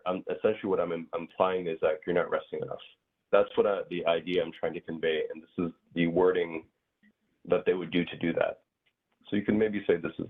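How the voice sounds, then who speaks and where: Low-voiced man teaching, tinny line. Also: breathy edge. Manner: hesitant, many fillers and restarts. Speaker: grammar teacher. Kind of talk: casual online class explanation.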